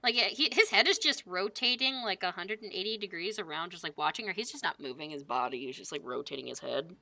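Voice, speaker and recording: A woman's voice: fairly low pitch, lively intonation, fast talker, gravelly, pushed and bright, no echo. A woman running a tabletop game as game master, describing the scene loosely with lots of fillers.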